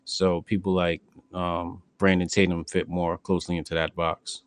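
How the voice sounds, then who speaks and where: A man's voice: low voice, level tone, normal speed, clean tone, no echo. A man with a New Jersey accent hosting a casual podcast chat, telling stories bluntly and with profanity. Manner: blunt, profane, storytelling with acted quotes. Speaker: podcast host.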